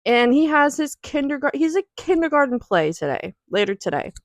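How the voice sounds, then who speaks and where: A woman's voice: high-pitched, big pitch swings, moderate pace, no room sound. A young woman talking in an emotional, rambling way in a personal vlog at home, near tears. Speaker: vlogger.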